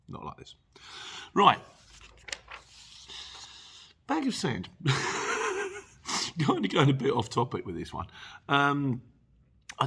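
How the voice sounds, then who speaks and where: A man's voice: fairly low pitch, a bit bright, breathy edge. A middle-aged man, hosting a casual Q&A and chatting jokily through viewer comments. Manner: chatty and jokey, chuckles often. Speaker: channel host answering viewer questions.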